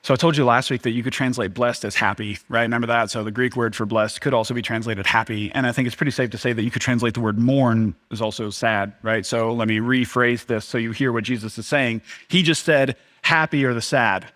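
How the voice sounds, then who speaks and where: A man's voice: mid-range voice, steady tone, a little fast, few pauses, a bit bright. A young adult man, a pastor, preaching a sermon in a church, often acting out the crowd's reactions in a raised voice.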